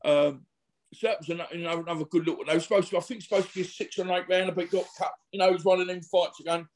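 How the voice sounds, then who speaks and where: Middle-aged bloke, ex fighter, rambling laddish yarns, fairly high voice. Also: male voice, fairly even intonation, rapid-fire. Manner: chatty, rambling, laddish slang with frequent fillers. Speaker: former boxer, interview guest. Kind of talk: casual storytelling interview.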